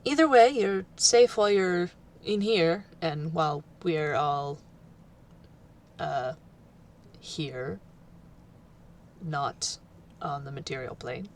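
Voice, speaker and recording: Slow, halting woman game master. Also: deep voice. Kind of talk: narrating a tabletop game.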